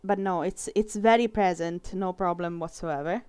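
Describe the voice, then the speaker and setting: A young Italian illustrator with an Italian accent chats casually while live-streaming a drawing session, mocking herself and laughing often. Her voice is lowish, darkish and clean, moving at a moderate pace in a dry recording.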